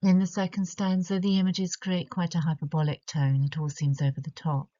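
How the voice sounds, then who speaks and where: A woman with a British English accent, giving a measured, explanatory literature lesson and slowing down to stress key words. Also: fairly low pitch, little pitch movement, mellow. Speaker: literature tutor. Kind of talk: recorded poetry analysis lesson. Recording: slightly dull lo-fi audio.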